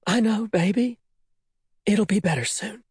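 A male narrator voicing a desperate, loving mother in an audiobook, urgent and pleading, often in a hushed voice. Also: high voice, unhurried, slightly rough, dry recording, studio quality, voice pushed up, exaggerated voice. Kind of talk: audiobook character voice.

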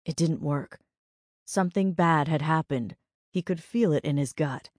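Low-voiced woman narrating an audiobook. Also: no echo, clean studio sound. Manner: measured, even storytelling. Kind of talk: scripted narration.

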